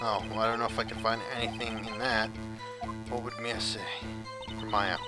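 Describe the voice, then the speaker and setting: A man doing let's play commentary, muttering quietly to himself as he plays. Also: fairly low pitch, little pitch movement, normal speed, over loud music. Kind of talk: game commentary.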